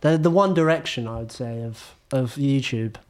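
A man's voice: medium pitch, moderate pace. A young man in his twenties, hosting a podcast and telling an anecdote with acted-out quotes and frequent laughter. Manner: animated anecdote teller, acts out quotes, laughs often. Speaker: podcast host. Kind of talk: casual chat, storytelling.

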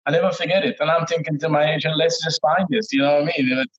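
A middle-aged man with a Trinidadian accent, telling stories as a guest in a relaxed, laid-back way, often laughing. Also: on the high side, quick pace. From Trinidad and Tobago. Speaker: guest, former footballer. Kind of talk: casual interview storytelling. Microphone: remote call audio. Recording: dull lo-fi call audio.

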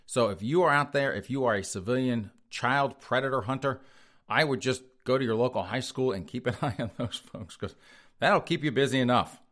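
A man's voice: mid-range voice, a bit bright. A man hosting a podcast, reading headlines and mocking them with sneering sarcasm, often laughing at his own jokes. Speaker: podcast host. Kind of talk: sarcastic news commentary.

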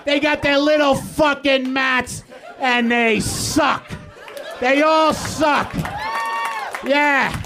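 A male comedian on a live stage, shouting an exasperated, profane rant. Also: extremely high pitch, fairly even intonation, drawn-out words, a faint crowd. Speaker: comedian guest.

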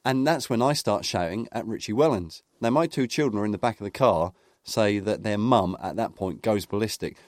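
A man's voice: lowish voice, a little fast, hardly any pauses, no room sound. Guy, middle aged, rambly football stories on a podcast, dry sound. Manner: rambling anecdotal storyteller, lots of fillers and restarts. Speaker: podcast co-host. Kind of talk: casual football podcast chat.

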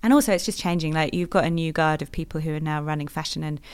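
A woman's voice: low-pitched, steady tone, fast talker, clean tone, no room sound. A middle-aged woman with a British accent, a guest in an interview, talking in an articulate, emphatic way and laughing easily. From Britain. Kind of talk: conversational interview.

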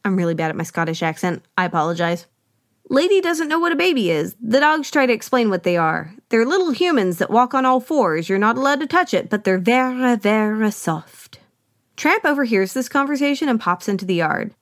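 A woman hosts a podcast and recaps a film in a chatty, wry way, full of playful asides. Her pitch jumps around a lot. The sound is dry and close, with no room echo. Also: very animated, a little fast. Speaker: podcast host. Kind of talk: solo movie recap commentary.

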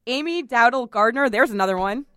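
Chatty woman podcast host, smooth and dry. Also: on the high side, lively intonation, fairly quick, a bit bright, no room sound. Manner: chatty, laughs often, apologetic. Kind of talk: casual podcast chat.

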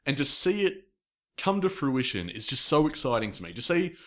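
Aussie male podcast co-host, animated pitch, excitable and giggly. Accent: Australian. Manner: excitable and quick to laugh. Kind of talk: casual chat.

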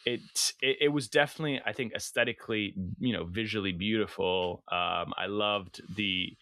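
Bright-voiced man rambling in casual chat. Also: fairly low pitch, steady tone, normal speed, dry recording. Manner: rambling, self-interrupting, with crude asides. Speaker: podcast co-host.

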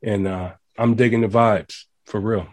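A male radio host in a casual interview. He talks in animated, preachy bursts and builds his points with rising emphasis. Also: lowish voice, a little slow.

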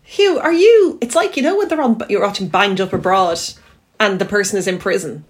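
A woman's voice: medium pitch, lively intonation, brisk. A woman hosting a comedy podcast in casual chat, chatty and steering the talk, recorded over a remote call. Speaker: podcast host.

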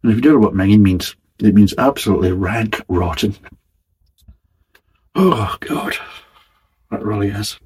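A man with a very husky, rough-edged voice sitting a little low in pitch. He talks through a casual beer review, blunt and full of swearing, with a wry, exasperated edge. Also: expressive, moderate pace, pauses often, a little mellow, rough recording.

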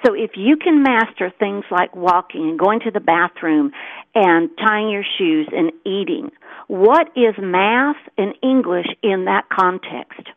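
A middle-aged woman chats earnestly as a co-host and acts out the dialogue in her story. Her voice sits at an ordinary pitch. It comes through a thin, tinny phone line with no room sound at all. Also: slow pace, no room sound. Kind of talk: casual storytelling chat.

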